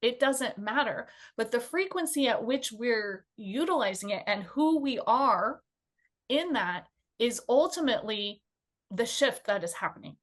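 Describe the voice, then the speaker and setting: A woman co-hosting a conversational panel, talking in an animated, chatty way with fillers and light giggles. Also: on the high side, a little slow.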